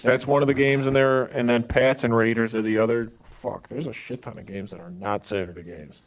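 A man's voice: medium pitch, fairly even intonation, fairly quick, slight background noise. A man hosting a casual podcast with friends, running through football picks in a joking, profane way. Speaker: podcast host.

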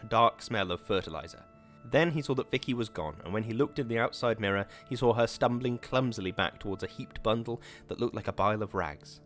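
Low-voiced male audiobook narrator. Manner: measured, dramatic reading. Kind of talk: scripted narration.

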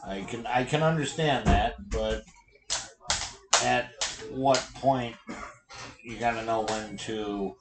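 Casting: male host, blunt, crude humor, mid-pitched, echoey room. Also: slow, pauses often, heavy background noise. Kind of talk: casual chat.

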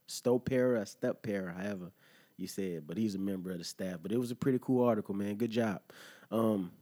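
Dude hosting a podcast, chill and cussing, chuckles a lot, mid-pitched voice. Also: male voice, a little mellow. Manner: laid-back, profane, chuckles often; conversational, asks listeners "you feel me?". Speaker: podcast host. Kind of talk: casual monologue reacting to an article.

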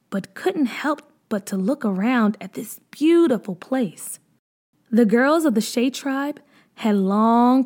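A woman telling a children's storybook aloud, gentle and measured. Her voice sits a little high, and she reads at an easy, steady read-aloud rhythm. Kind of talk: storybook narration.

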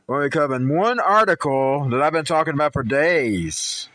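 A man's voice: on the high side, lively intonation, normal speed, hardly any pauses, sharp tone, no echo. A man who hosts a political talk show, rambling through personal stories and news commentary, stumbling and restarting, and growing heated.

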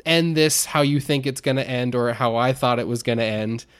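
Young adult male podcast co-host; casual, animated storyteller who acts out quotes. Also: mid-range voice, moderate pace, clear, resonant tone.

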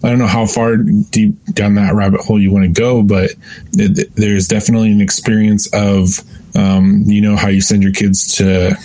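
Male co-host, low warm voice, earnest. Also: flat delivery, moderate pace, poor audio. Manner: earnest, with restarts. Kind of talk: casual podcast discussion.

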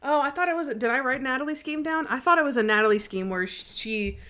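A woman co-hosting a podcast in casual chat, animated and quick to act out lines from an episode. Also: high-pitched. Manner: animated, quotes characters in quick bursts. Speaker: podcast co-host.

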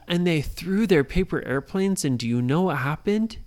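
A woman improvising a bedtime story for a child, lively and singsong, often pausing to ask the child questions. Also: deep voice. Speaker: parent telling a bedtime story.

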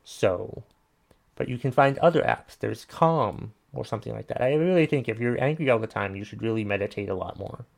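A man's voice: mid-range voice, lively intonation, a little fast, gravelly. A man hosting a casual commentary show, ranting bluntly and swearing while he reacts to listener messages. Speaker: podcast host reading listener messages.

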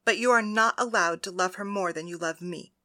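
A woman voicing a young priestess, bright-toned. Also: medium pitch, fairly quick, natural voice. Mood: tender. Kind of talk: audiobook dialogue reading.

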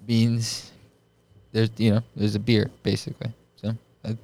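A man's voice: lowish voice, completely flat delivery, unhurried, mellow, no echo. A man hosting a casual podcast, rambling through a word game and laughing often. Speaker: podcast host.

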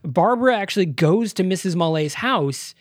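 A podcast co-host in casual movie review chat, animated, swearing freely and laughing often. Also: mid-range voice, normal speed, dry recording, clean studio sound.

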